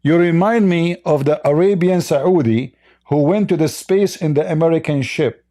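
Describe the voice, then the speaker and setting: A man's voice: fairly high pitch, normal speed, mellow. Mocking, combative man hosting a call-in debate. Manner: mocking, combative, laughs at callers. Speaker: host of a call-in debate stream. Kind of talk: live call-in religious debate.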